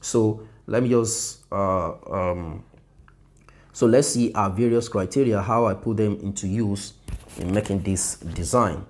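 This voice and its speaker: Man, lowish voice, casual design tutorial, self-correcting, soft laughs, recorded on a phone. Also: unhurried. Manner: loose, repetitive, self-correcting, laughs softly.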